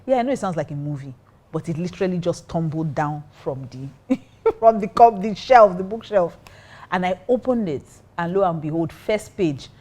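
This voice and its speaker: A woman's voice: fairly low pitch, lively intonation, moderate pace, darkish tone. A woman pastor telling a personal story in casual talk, acting out her own reactions. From Nigeria. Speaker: pastor and co-host.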